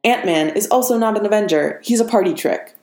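A woman's voice: medium pitch, lively intonation, a little fast, darkish tone, voice pushed up, lightly acted. A woman voicing a brash middle-aged male inventor who talks sarcastically and dismissively. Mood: sarcastic. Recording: echoey room.

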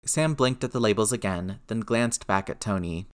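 Man reading a story out loud, low voice, even and steady. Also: normal speed, smooth. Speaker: reader. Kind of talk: reading fan fiction aloud.

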